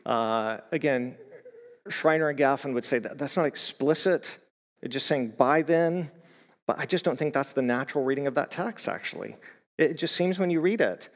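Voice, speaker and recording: Earnest preacher in an echoing hall. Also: male voice, medium pitch. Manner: earnest, speaks in measured phrases, slows for emphasis on quotes. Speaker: pastor. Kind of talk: sermon. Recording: long hall reverb.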